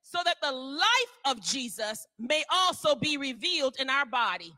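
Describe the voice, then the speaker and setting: A woman elder preaching a fervent sermon, reading scripture slowly and calling on listeners to repeat after her, at times rising to a shout. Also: high-pitched, sing-song, no room sound. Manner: reads scripture slowly and deliberately. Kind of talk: sermon with call-and-response.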